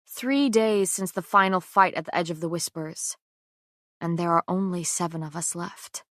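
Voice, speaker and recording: A woman reading a first-person audiobook chapter in a measured storytelling manner, often dropping to a quiet tone. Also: mid-range voice, dry recording, clean studio sound. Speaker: audiobook narrator.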